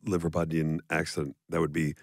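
Male podcast co-host, gravelly tone, dry close sound, playful teasing delivery. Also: very deep voice, level tone, dry recording. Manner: playful, teasing, drawn-out build-ups. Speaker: podcast co-host introducing guest. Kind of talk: casual podcast chat.

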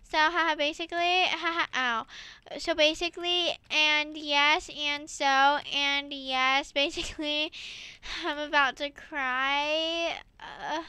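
A woman giving excited gameplay commentary as a gaming YouTuber, squealing and laughing while she plays. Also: sits high, slow, no room sound.

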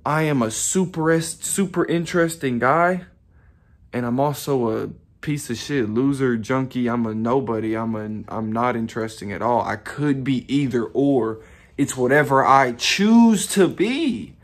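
A man's voice: mid-range voice, measured pace. Rambling, profane young man vlogging. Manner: rambling, profane, self-reflective with frequent laughs. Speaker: YouTuber. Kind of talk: casual motivational monologue.

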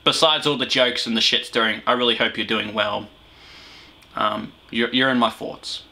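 Bright-voiced Australian teen reactor. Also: male voice, medium pitch, steady tone, normal speed. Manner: rambling, swearing, frequent fillers. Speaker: reaction video host. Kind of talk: profane comic reaction commentary. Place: small room at home with a heater running.

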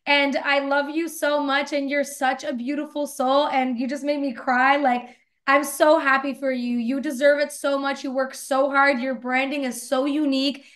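A woman's voice: high voice, level tone, normal speed, fairly bright tone. A woman hosting a webinar over a video call, gushing and effusive as she praises her guests. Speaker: webinar host.

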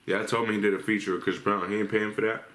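Deep-voiced man musing in a roomy space. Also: flat delivery, rapid-fire, fairly bright tone. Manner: musing, thinks aloud about lyrics. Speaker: reaction video host. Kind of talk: casual reaction commentary. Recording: roomy echo with faint noise.

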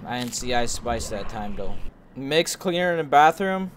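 A young man streaming a horror game, joking and swearing to his chat as he plays, and shouting when something startles him. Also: mid-range voice, very animated, normal speed, slight background noise. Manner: joking, profane, talks to himself. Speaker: gaming streamer. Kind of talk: let's play commentary to chat.

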